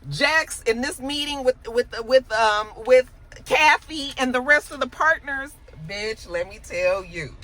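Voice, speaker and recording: Bright-voiced woman doing a chatty TV recap. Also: high-pitched, measured pace, poor audio. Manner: animated, profane, lots of "you know". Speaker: show recap host. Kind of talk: casual chat.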